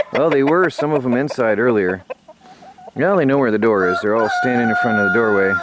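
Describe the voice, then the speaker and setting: Chatty homesteading man, noisy outdoor audio. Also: lowish voice. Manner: rambling, chatty, talks to his birds. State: out of breath, cold. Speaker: homesteading vlogger. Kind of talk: casual vlog narration. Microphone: handheld camera mic.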